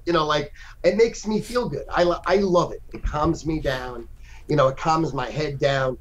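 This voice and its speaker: A man in his sixties talking as a guest over a phone call, boisterous and profane, with sudden loud outbursts. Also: a little high, normal speed. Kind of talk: casual podcast chat.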